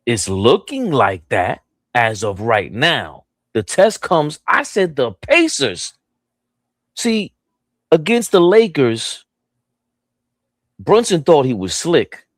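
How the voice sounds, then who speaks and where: Male sports stream host, mid-pitched voice, dry sound, heated and profane. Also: huge pitch swings, slow pace, pauses often, no room sound. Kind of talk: fired-up sports talk stream.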